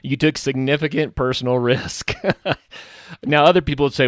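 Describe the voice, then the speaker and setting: A man's voice: mid-range voice, moderate pace, no echo, clean studio sound. A man hosting a podcast interview, reflecting on the guest's story and giving short reactions. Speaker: podcast host. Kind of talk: interview chat.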